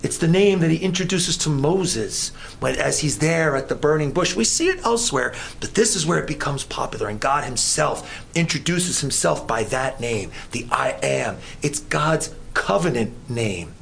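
Gravelly guy preaching a sermon, voice jumps all over, a little hiss behind. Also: moderate pace, few pauses. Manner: animated preaching, rising high when voicing questions. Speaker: pastor.

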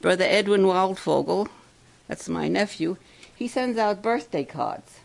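A woman giving a devotional talk to campers and adults, asking the crowd questions and slowing down to stress key words. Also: medium pitch, animated, gravelly, low-quality recording. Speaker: camp speaker.

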